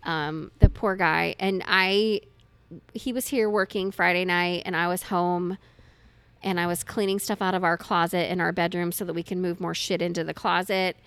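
Bright-voiced chatty woman podcaster. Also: lowish voice, moderate pace, clear, resonant tone, no echo. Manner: chatty, animated storytelling with laughs. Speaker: podcast co-host. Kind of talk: casual podcast chat.

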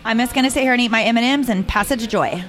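A woman's voice: a little high, rapid-fire, fairly bright tone. A woman co-hosting a podcast in casual chat, teasing and wisecracking. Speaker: podcast co-host.

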